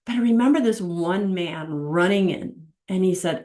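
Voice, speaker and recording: A middle-aged woman with a slightly low voice talks about faith and marriage in a casual teaching monologue. She is earnest and emphatic, repeating her key lines and acting out the people she quotes. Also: moderate pace, dark tone.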